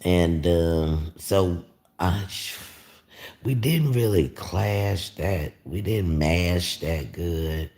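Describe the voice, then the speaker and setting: Very deep, slow-talking man rambling live. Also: a little mellow. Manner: rambling, profane, meandering with many fillers. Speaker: YouTuber on a livestream. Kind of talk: casual live-stream chat.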